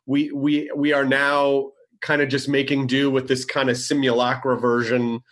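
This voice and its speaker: A man's voice: medium pitch, monotone, moderate pace, a bit bright. A man in casual conversation, rambling with many fillers and restarts. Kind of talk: casual chat.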